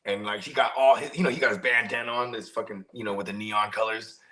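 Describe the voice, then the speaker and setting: A man's voice: lowish voice, fairly even intonation, quick pace, bright, forceful tone, rough recording. Man, casual podcast co-host, swears a lot, rambling stories, slangy. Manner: profane, rambling storyteller with slang. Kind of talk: casual chat.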